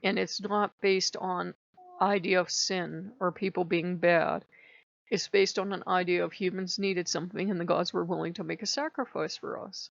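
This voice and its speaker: A woman's voice: fairly low pitch, steady tone, normal speed, gravelly, dry recording. A stuffed-up woman vlogging casually about her spiritual practice, rambling and chatty. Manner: rambling, chatty, quotes others in little voices. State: stuffed-up nose. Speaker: pagan devotional vlogger. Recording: dull lo-fi dry recording.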